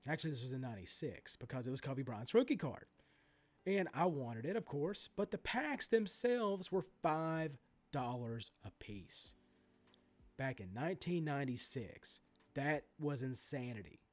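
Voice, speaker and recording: In an unhurried, medium-pitched voice, a man in his forties who collects sports cards rants on his vlog about their prices. It's an animated, profane rant with plenty of asides and restarts.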